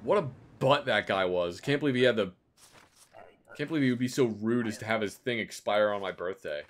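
A man streaming a video game, making sarcastic casual commentary with sudden loud outbursts. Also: lowish voice, fairly quick.

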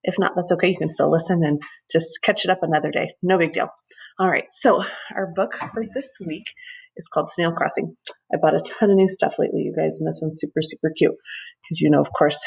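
A school librarian reads a picture book to children in a chatty, playful way, dropping casual asides between pages. Her voice is low for a woman, gravelly and a little husky. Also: fairly quick, darkish tone, low-quality recording.

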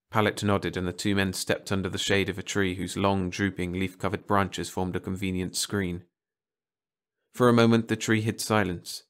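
A man narrating a science fiction story aloud as a bedtime audiobook, reading in a playful, expressive way. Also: low-pitched, normal speed, clear, resonant tone.

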